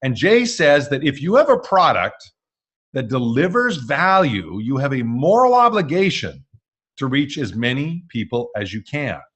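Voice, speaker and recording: An upbeat man hosts a live webinar masterclass in a plain mid-range voice. He keeps a lively presenting energy and drops in jokes and fillers. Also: mid-range voice, unhurried, breathy edge.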